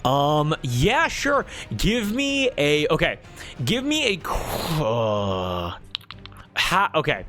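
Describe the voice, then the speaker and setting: A slightly high-voiced man running a tabletop game, halting and thinking aloud with lots of fillers. Soft music plays underneath his talk. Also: wildly swooping pitch. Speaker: game master.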